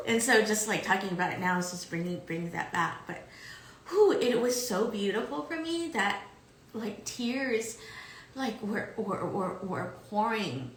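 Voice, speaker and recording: Woman, bright tone, halting and repetitive in casual chat, roomy echo. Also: mid-range voice, slight background noise. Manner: halting, repeats words, sighs and tears up. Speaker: podcast co-host. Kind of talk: casual spiritual conversation.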